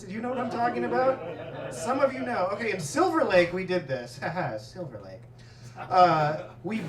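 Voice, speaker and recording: A man doing a stand-up set, telling stories in an animated way and laughing at his own jokes in a comedy club. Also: sits high, slight background noise. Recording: roomy club sound, mic at a distance, audience laughter.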